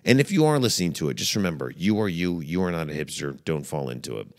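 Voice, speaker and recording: Low-voiced man, animated comic host. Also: quick pace. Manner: playful, mock-dramatic, swings between low mutters and high exclaims. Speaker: comedy podcast host. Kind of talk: comedic monologue.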